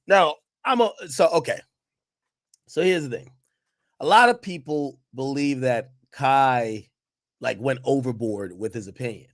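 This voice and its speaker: A man's voice: mid-range voice, no room sound, clean studio sound. A man hosting a live reaction stream, muttering while he searches, then explaining. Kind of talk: casual live reaction commentary.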